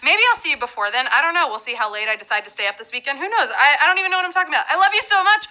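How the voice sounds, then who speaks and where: A woman's voice: high-pitched, animated, rapid-fire, bright, forceful tone, poor audio. A woman hosting a live game show, bubbly, jokey and playful.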